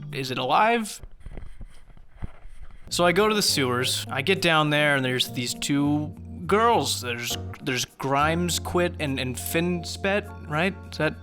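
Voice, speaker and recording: Sarcastic, ranting man with bright voice. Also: mid-range voice. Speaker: gaming commentary host. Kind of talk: comedic game commentary.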